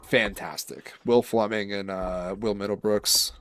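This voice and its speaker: A man's voice: on the low side, steady tone, unhurried, a bit bright. A man co-hosting a sports talk show, crude and joking, swearing freely in casual banter.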